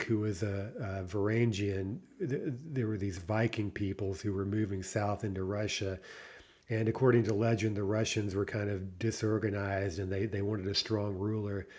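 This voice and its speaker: A man teaching a recorded Russian language lesson, explaining patiently, pausing on "uh", and checking in with "right?". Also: lowish voice, a little mellow. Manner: thinks aloud with frequent "uh" pauses.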